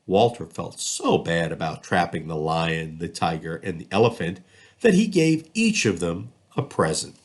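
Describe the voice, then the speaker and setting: A man reading a children's storybook aloud, expressive and lively in his storytelling. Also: deep voice, moderate pace. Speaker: school district reader.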